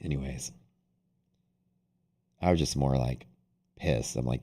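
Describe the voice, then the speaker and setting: Very deep-voiced man chatting on a stream. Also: slow, dark tone, breathy edge. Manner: rambling, profane, with many restarts. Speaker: day trading livestream host. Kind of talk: casual livestream chat.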